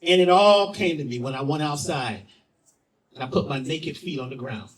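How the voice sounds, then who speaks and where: A man telling a personal story as a spoken-word performer, theatrical, swinging from loud lines to hushed ones and repeating phrases for effect. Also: a little high, normal speed, recorded from a distance, poor audio.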